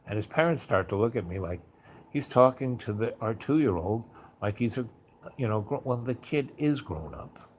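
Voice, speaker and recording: The host is a man with a medium-pitched, expressive voice talking at normal speed, telling loose, casual stories stuffed with "like" and "you know." He dramatizes quoted lines in a raised theatrical voice, with a little hiss or hum in the recording.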